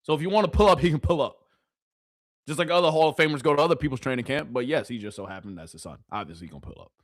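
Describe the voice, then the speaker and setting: A man's voice: fairly high pitch, expressive, racing, no echo, clean studio sound. A man giving casual sports reaction commentary, incredulous and heated, swearing freely as he argues back at a clip.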